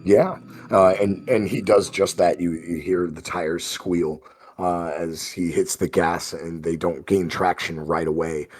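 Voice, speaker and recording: A man narrating as game master of a tabletop role-playing game, describing scenes slowly with frequent fillers. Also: sits low, fairly even intonation, a little mellow, breathy edge.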